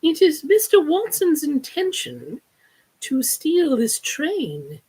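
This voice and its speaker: A woman voicing a proper young lady who speaks in a hushed whisper, read aloud from her novel. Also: high-pitched, huge pitch swings, slow, heavily acted, low-quality recording.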